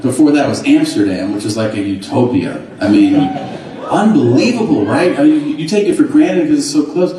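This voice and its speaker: A man doing live stand-up storytelling, animated and profane, laughing through his punchlines on a large stage. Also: medium pitch, moderate pace, crowd noise. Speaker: stand-up comedian.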